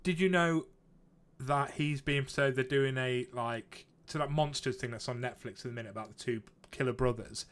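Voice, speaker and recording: A man's voice: mid-range voice, moderate pace, a bit bright. Guy on a podcast, chatty and sweary, laughs at his own stories. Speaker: podcast co-host. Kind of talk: casual chat.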